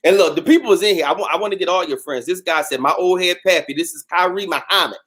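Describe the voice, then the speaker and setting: A man's voice: high-pitched, fast talker. A man hosting a casual livestream chat, reading viewer comments and talking to them with slang. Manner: animated, talks to viewers with slang. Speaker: host.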